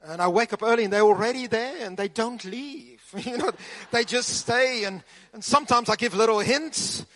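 High, bright preacher. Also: male voice, normal speed. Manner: animated, humorous storytelling. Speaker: pastor. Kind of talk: sermon.

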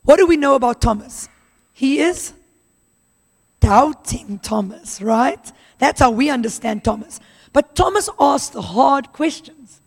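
Woman preacher, kinda high voice, chatty sermon, lots of echo like a big church hall. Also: lively intonation, a little slow, creaky. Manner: conversational, acts out Bible dialogue in voices. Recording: long hall reverb.

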